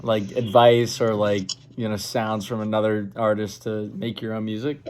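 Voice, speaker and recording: A man's voice: lowish voice, little pitch movement, moderate pace, a little mellow. A man hosting a radio show, interviewing a guest casually and searching for words as he asks his questions.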